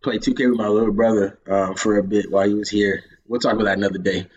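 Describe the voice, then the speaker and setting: A man's voice: fairly low pitch, level tone, fast, a little mellow, lo-fi sound. A young man from Georgia hosting a podcast, telling gaming stories in a casual, profane way and laughing often. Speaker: podcast host. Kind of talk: casual chat.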